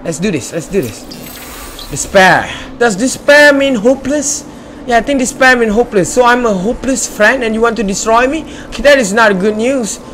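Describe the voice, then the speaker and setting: A man's voice: extremely high pitch, animated, normal speed, fairly bright tone, a little hiss or hum. A man hosting a casual let's-play video, chatting playfully as he explores, joking and talking back to the game. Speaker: gamer and channel host.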